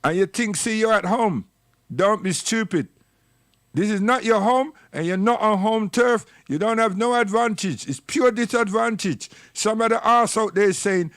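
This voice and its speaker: High-voiced man ranting on a livestream. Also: moderate pace, fairly bright tone, dry recording, clean studio sound. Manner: preachy, scolding, rambling. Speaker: livestream commentator. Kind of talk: impassioned livestream monologue.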